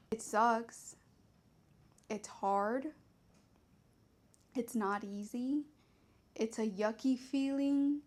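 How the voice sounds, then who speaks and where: Candid young woman, slightly high voice. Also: darkish tone. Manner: candid, rambling, swears freely. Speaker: vlogger. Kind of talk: personal confessional talk.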